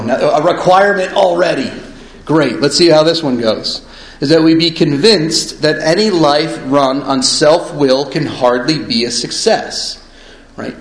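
A man with a fairly high speaking voice reads a text aloud and breaks off to explain it in plain, casual terms. He keeps checking in with "right?" and acts out examples. The room around him is echoey. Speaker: discussion leader reading from a recovery book. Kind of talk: reading a passage aloud and explaining it.

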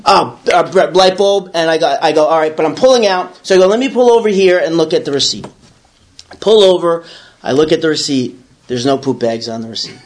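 This man, from the Bronx in New York, animatedly tells a small audience a personal tale and acts out the voices in his head. He speaks a little high and a little fast.

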